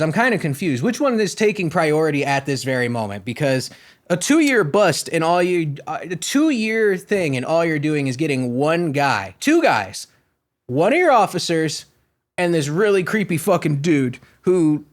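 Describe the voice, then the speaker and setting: A man's voice: on the high side, big pitch swings, normal speed. A man from Florida hosting a podcast, ranting in a profane, sarcastic, rambling comedic style. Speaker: podcast host. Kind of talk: comedic rant.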